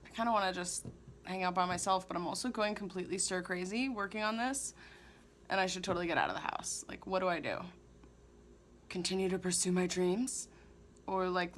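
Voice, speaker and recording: A woman's voice: on the low side, fairly quick, a bit bright. A young woman vlogging casually to the camera, thinking aloud in a rambling, self-mocking way. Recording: faint background noise.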